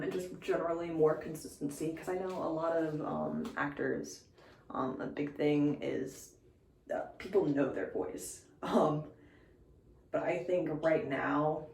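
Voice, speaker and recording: Young woman vlogger, low voice, echoey room. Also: darkish tone, distant mic. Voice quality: occasional slight lisp. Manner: rambling, many fillers and restarts. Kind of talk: casual chat. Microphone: phone camera.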